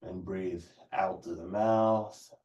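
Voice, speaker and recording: Calm man guiding yoga, distant roomy sound. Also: low-pitched, highs cut off. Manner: calm, unhurried cues with breathing prompts. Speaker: yoga instructor. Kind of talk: guided yoga class instruction.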